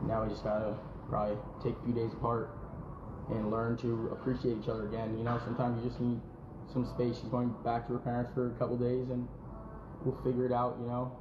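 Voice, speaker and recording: A man's voice: mid-range voice, completely flat delivery, quick pace. A man in a streamed clip, talking reflectively and rambling with many fillers. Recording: dull echoey room with clear background noise.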